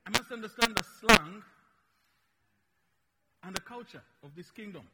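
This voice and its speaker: A man from Uganda with a Ugandan accent and Luganda as his first language, preaching a slow, emphatic, playful sermon in a church. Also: high voice, long reverb tail, over a noisy crowd. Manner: slow, emphatic, dynamic in loudness, playful teasing.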